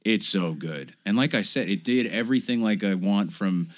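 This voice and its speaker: A man co-hosting a casual film podcast, animated and profane, laughing often and joking as he talks. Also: lowish voice, normal speed. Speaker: podcast co-host.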